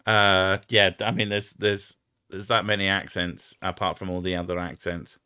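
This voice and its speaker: A man's voice: low-pitched, little pitch movement, moderate pace, sharp tone, a little hiss or hum. A man with an Edinburgh Scottish accent, hosting a live stream in rambling casual chat, swearing and trying out silly impressions. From Scotland. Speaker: streamer host.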